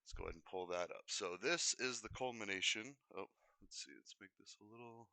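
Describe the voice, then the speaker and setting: A man's voice: lowish voice, fairly quick, vocal fry, pushed and bright, no room sound. A man hosting a livestream in a casual monologue, rambling and often restarting and correcting himself mid-sentence. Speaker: livestream host.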